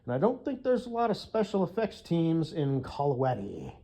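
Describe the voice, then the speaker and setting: Rambling, profane man with a mellow voice. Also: a little high, huge pitch swings, moderate pace. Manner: chatty, profane, laughs at own jokes. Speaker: vlogger. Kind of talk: rambling casual monologue.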